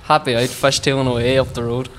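A man with a Derry accent, a guest on a podcast, telling a story in a halting way and leaning on fillers. Faint noise sits behind his mid-pitched voice. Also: steady tone, a bit bright. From Derry, Northern Ireland. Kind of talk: casual chat.

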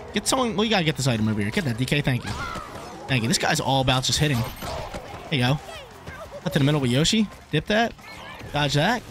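A young man giving live commentary over his own online soccer game, excitable and swinging between hype and frustration. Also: medium pitch. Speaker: gaming YouTuber.

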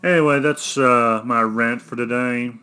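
A young man from Arkansas with an Arkansan accent, rambling through a solo rant in a monotone, blunt and cynical, often correcting himself. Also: mid-range voice, unhurried. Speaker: vlogger.

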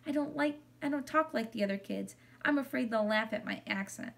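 A woman voicing a shy young schoolgirl who speaks softly and quietly. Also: on the high side, brisk, creaky, distant mic. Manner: soft whispering.

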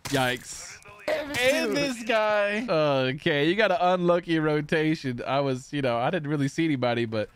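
A fairly high-voiced young man gives running live commentary while he plays a shooter game on stream. He taunts the other players in a playful way and breaks into sudden excited yells, then drops back into quick, loose chatter. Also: smooth. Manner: excitable, taunting banter with bursts of yelling. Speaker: gaming streamer.

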